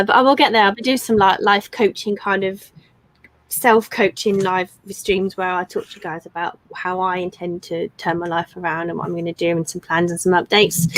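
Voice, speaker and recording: A woman's voice: medium pitch, rough recording. A woman in her thirties co-hosting a casual live stream from home, chatting in a rambling way with lots of ums. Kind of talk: casual chat.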